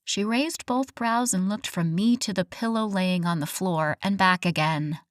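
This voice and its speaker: Casual: woman reading a first person romance audiobook, dry close mic, expressive. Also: medium pitch, a little slow, no echo. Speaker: audiobook narrator. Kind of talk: scripted first-person narration.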